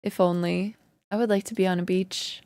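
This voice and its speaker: A woman streamer chatting casually with her viewers, greeting them and laughing often, her voice slightly hoarse. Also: fairly low pitch, fairly even intonation, moderate pace, a little mellow, no echo, studio quality. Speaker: live streamer. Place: home in Canada.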